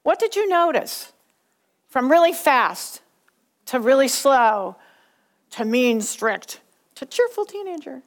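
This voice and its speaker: A middle-aged woman from Southern California giving a class clear, patient instructions. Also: sits high, big pitch swings, takes it slowly, pauses often. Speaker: teacher.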